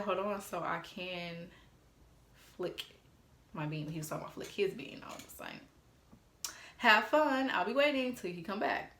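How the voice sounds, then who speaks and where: A blunt, sassy woman in her twenties, swearing freely as she tells a casual storytime. Her voice sits a little low, with a roomy echo around it. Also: fairly bright tone. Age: 20s. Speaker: storytime vlogger.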